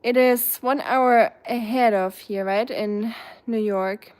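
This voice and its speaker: A woman's voice: fairly high pitch, steady tone, slow pace, a little mellow. A young woman with a German accent, chatting casually on a live stream and answering viewers' comments, rambling with many fillers and restarts. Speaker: live streamer reading chat.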